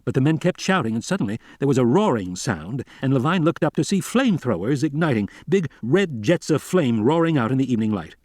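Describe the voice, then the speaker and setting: Male narrator for audiobook, even-paced storytelling, dry and close. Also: mid-range voice, a little fast, hardly any pauses, no echo. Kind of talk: scripted narration.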